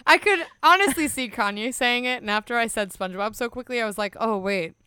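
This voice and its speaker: A woman playing a casual quiz game, making quick guesses and laughing a lot. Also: on the high side, pushed and bright, smooth, dry recording, clean studio sound. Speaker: quiz player.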